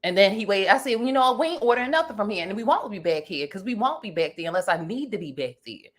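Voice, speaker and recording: A woman's voice: mid-range voice, sing-song, quick pace. A woman, co-hosting a casual chat show, talking heatedly and cutting in over her co-host. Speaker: podcast co-host.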